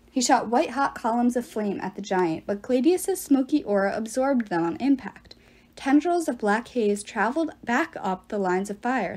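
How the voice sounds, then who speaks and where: A woman narrating a novel aloud with steady, expressive narration. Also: on the high side. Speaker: audiobook reader.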